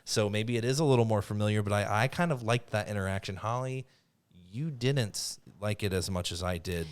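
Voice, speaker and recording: A man's voice: fairly low pitch, brisk, clear, resonant tone. A man co-hosting a podcast, rambling enthusiastically through his retellings in casual chat. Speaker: podcast co-host.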